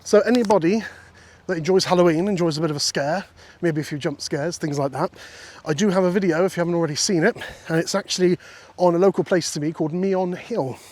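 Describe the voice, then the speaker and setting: A man's voice: high voice, quick pace, darkish tone. A man vlogging on a countryside walk, chatting and joking with viewers and the sheep he passes. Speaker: walking vlogger. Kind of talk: casual walking vlog chat. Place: outdoors on countryside fields and paths. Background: faint wind outdoors.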